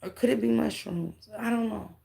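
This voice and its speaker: A woman's voice: a little high, normal speed, creaky, dark tone. Sassy woman mocking a clip for her viewers. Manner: sassy, mocking, laughing asides; talks straight to chat, thanks viewers. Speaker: livestream host reacting to a clip. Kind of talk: casual commentary to viewers.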